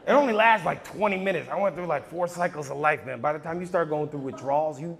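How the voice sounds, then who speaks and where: A young man in his twenties doing a stand-up comedy set on stage, telling stories loudly with bursts of shouting. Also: fairly high pitch, fast talker, gravelly, noisy background. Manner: loud, animated storytelling with bursts of shouting. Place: large comedy venue stage. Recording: big hall with loud audience laughter.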